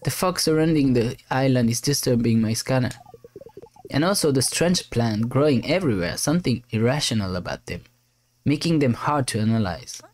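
A man's voice: mid-range voice, expressive, moderate pace, slight background noise, voice pushed up, natural voice. A man voicing a helper robot sidekick from a video game, earnest and explanatory.

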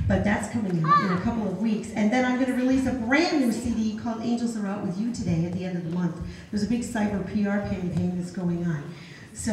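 A middle-aged woman performing a high-energy live children's show, coaxing the kids to join a sing-along. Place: room at a live children's event. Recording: echoey, noisy live room from far off.

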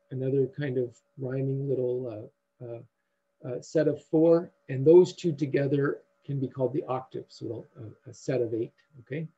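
A man giving a university lecture in a halting way, with many fillers and restarts. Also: fairly high pitch, mellow, muffled recording.

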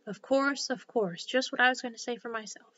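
Brief: woman doing a drowsy storybook dormouse, hoarse and feeble, bright, lo-fi audio. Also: a little high, a little fast, natural voice. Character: sleepy male dormouse, small and drowsy. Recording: slightly dull lo-fi recording.

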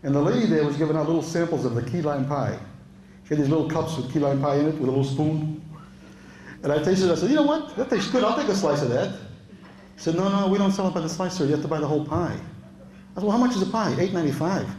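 At a live club gig in an echoey room, a European stand-up tells true stories conversationally, quoting people in a raised voice and laughing at his own jokes. His voice is on the high side and darkish, with a quick pace and slight background noise.

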